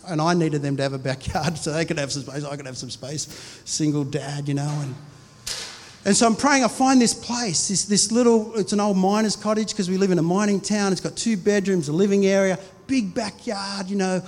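High-voiced pastor preaching in a hall. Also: male voice, a little fast, a little mellow, a little hiss or hum. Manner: conversational storytelling with many restarts. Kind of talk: sermon. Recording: reverberant hall.

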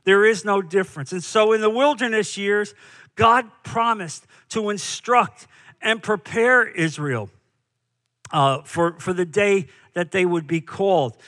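A man's voice: sits high, expressive, a little slow, a bit bright. A man preaching a sermon as pastor, emphatic, with rhetorical questions and repeated phrases.

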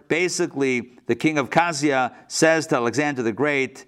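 A man teaching an online Talmud lesson, animated, repeating phrases and asking rhetorical questions, acting out the quotes in the stories he tells. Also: moderate pace. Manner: acts out story quotes in varied pitch. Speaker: rabbi teaching a class.

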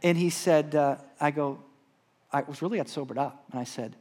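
Male pastor, husky tone, expressive preaching with dramatic volume swings. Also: on the high side, normal speed. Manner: animated storyteller, shouting the story's lines, dropping to a hush. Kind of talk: sermon with storytelling and prayer. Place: church hall.

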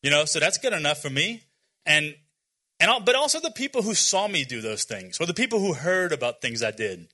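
A man's voice: fairly high pitch, very animated, fairly quick, bright, forceful tone. A man in his forties giving an informal, earnest sermon to young people, with many fillers and restarts and some self-deprecating humor. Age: 40s. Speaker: youth speaker.

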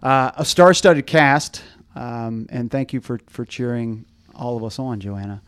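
A man's voice: mid-range voice, measured pace, fairly bright tone, clean tone. A man hosting a running podcast, talking casually and often stumbling over fillers and restarts. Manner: hesitant, many fillers and restarts. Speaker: podcast host.

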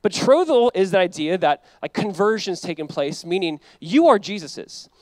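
A man's voice: sits high, big pitch swings, normal speed, a little mellow, no echo. A male pastor preaching a sermon in a conversational way, full of asides and acted-out quotes. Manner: conversational preaching, acts out quoted voices, frequent "like".

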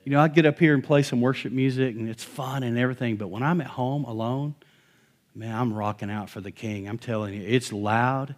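Animated, conversational male pastor preaching. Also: mid-range voice, a little fast. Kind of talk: sermon.

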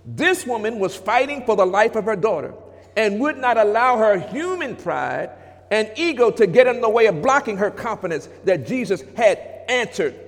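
A man preaching a sermon as pastor, moving from hushed passages to shouts and calling out to the congregation. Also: high-pitched, sing-song, moderate pace. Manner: preacherly, swings between hushed and shouted, talks back to congregation. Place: church sanctuary. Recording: long reverb of a church hall.

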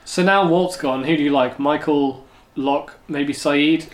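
Teasing man in an echoey room. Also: on the high side. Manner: teasing, quick to laugh. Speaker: podcast co-host. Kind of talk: casual rewatch podcast chat.

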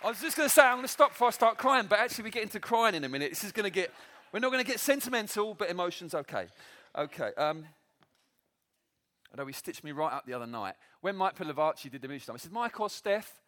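A man preaching a sermon to a church meeting, animated and self-deprecating, often breaking into laughter. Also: sits high, quick pace.

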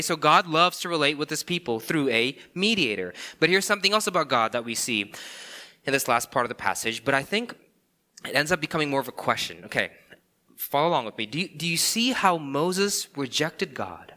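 A male pastor delivering a sermon in a very bright, forceful voice. He speaks with emphasis, asks the listeners rhetorical questions, and keeps checking in with "okay" and "right.". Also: a little high.

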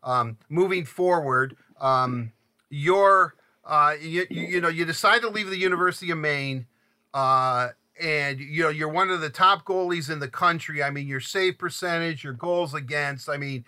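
An older man from Southeast Michigan hosting an interview, talking in halting, rambling sentences full of restarts. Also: a little high, sharp tone, clear, resonant tone. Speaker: podcast host. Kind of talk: conversational interview.

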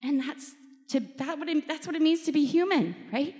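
A woman's voice: high voice, a little fast, warm tone. A woman giving a candid personal faith talk to a group, emotional and laughing often as she acts out quoted voices. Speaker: speaker at a faith event. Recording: long hall reverb.

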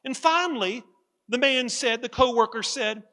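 A man's voice: very high voice, moderate pace, sharp tone, big-room sound. A man preaching a sermon as pastor, emphatic and given to repeating his key lines for effect.

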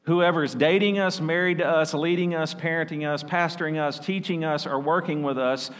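A man pastor preaching a sermon, lively and laughing often as he mimics voices. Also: a little high, fairly quick. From South Arkansas. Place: church sanctuary. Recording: long reverb of a church hall.

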